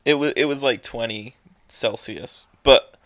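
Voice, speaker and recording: A young man co-hosting a podcast in casual chat, rambling and halting, often laughing. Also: mid-range voice, fairly bright tone, no room sound. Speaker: podcast co-host.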